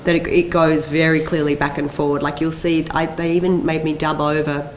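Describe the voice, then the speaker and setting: An Australian woman speaks at a convention panel with a low, dusky pitch. She tells her stories with animation, laughing and acting out the voices of others. A faint hiss sits under the recording. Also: fairly quick, rough recording. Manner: animated, laughing storyteller who acts out quoted voices. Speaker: panel guest.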